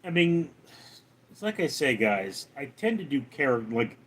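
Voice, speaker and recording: A man hosting a casual livestream, reading viewer comments aloud in a raised voice and answering them lower and faster. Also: very animated. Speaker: livestream host.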